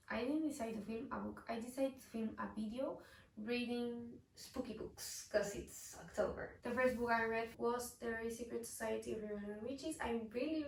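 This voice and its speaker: A young woman chatting through a casual book wrap-up vlog, expressive and quick to burst into exasperated rants. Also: on the high side, gravelly. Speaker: book reviewer. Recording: roomy echo, mic at a distance.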